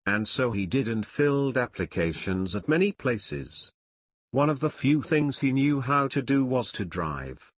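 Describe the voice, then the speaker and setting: Unhurried man narrating a memoir. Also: mid-range voice, no room sound. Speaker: audiobook narrator. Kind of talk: storytelling narration, first person memoir.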